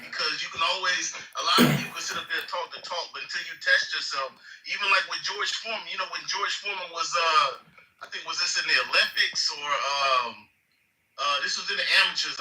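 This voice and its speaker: A man's voice: a little high, bright, forceful tone, reverberant, recorded from a distance, low-quality recording. A man calling in, speaking thoughtfully and hesitantly with many fillers. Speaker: caller. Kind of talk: casual call-in chat.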